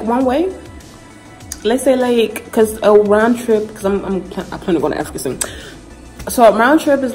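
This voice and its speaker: A woman's voice: medium pitch, poor audio. A young woman from Ghana, chatting animatedly through a casual storytime vlog. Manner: chatty, animated retelling full of "like" and slang. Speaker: vlogger.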